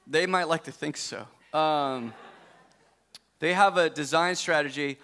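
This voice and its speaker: A man's voice: fairly high pitch, sharp tone. A man preaching a sermon as pastor in a conversational way, with joking asides and frequent self-corrections. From United States.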